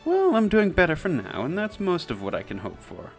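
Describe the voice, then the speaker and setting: A man's voice: high voice, wildly swooping pitch, brisk, faint music behind, pitched above the performer's own voice, exaggerated voice. Man doing a prim, frail young lady. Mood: polite. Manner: prim, formal, overly polite. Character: frail, genteel young woman student, polite.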